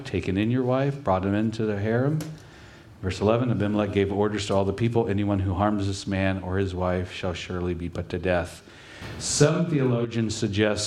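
A man preaching a sermon in a conversational way, acting out lines from the scripture passage as he tells it. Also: on the low side. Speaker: pastor.

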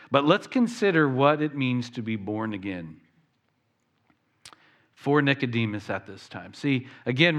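A pastor with a mid-range voice preaches a sermon animatedly, acting out the voices of the people he quotes.

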